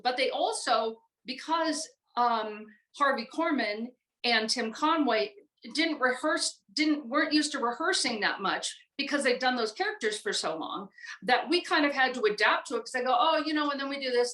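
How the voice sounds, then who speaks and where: An older American woman recalling her acting career in a relaxed, rambling chat full of fillers. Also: on the high side, moderate pace, roomy sound, rough recording. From United States. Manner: chatty, rambling with many fillers. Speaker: guest voice actress. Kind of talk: casual interview chat.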